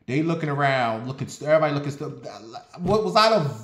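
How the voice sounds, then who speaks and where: A man from Ohio telling a casual story in an animated, profane, dramatic way. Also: fairly high pitch, fast talker. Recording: roomy echo.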